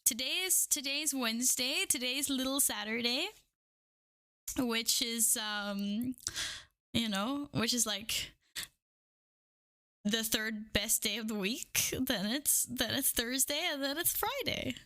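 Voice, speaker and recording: A woman's voice: a little high, slow pace, bright, forceful tone. A woman livestreamer chatting casually with her viewers, bubbly and giggly as she greets them one by one. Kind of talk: casual live-stream chat. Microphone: streaming microphone, wearing headphones.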